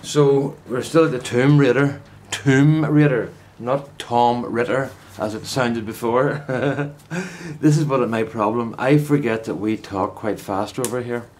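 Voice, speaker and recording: Slight background noise accompanies an older man's measured, mid-range voice, a little mellow in tone. He's a gardening vlogger rambling casually to camera out in his vegetable plot, friendly and meandering, with many asides and restarts.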